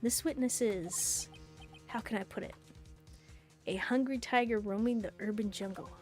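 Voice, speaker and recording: A woman voicing a cool, brooding masked male prosecutor, speaking low, slow and unhurried. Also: darkish tone, soft background music, natural voice.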